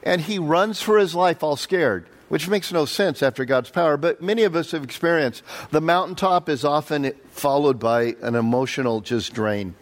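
A man preaching a conversational Bible-study sermon, quizzing the audience and voicing quotes with animated leaps. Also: moderate pace, few pauses. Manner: animated, jumps up in pitch for quotes. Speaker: pastor. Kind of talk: sermon, verse-by-verse Bible teaching.

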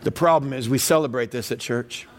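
A man preaching a sermon as pastor, telling stories with animated voices for the people in them. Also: mid-range voice, brisk. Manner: animated storytelling, acts out voices, rising to near-shouts.

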